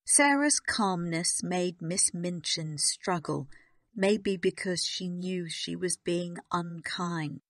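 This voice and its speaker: A woman narrating a graded story for English learners in a calm, even reading. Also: fairly low pitch, slow, no room sound, studio quality. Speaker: audiobook narrator.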